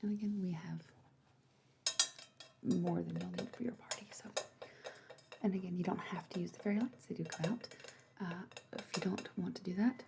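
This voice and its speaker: A woman voicing an attentive female party planner in a whispered role-play, softly reassuring as she shows decorations. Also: on the low side, normal speed, gravelly, pauses often, noisy background. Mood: gentle. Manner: soft, reassuring sales talk.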